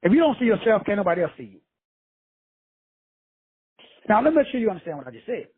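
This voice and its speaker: Host type: high, very raspy male voice, blunt and profane motivational talk, dry tinny phone-line sound. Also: very animated, fast talker, dry recording. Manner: blunt, profane, streetwise preaching. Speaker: motivational speaker, show host. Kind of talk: casual motivational monologue.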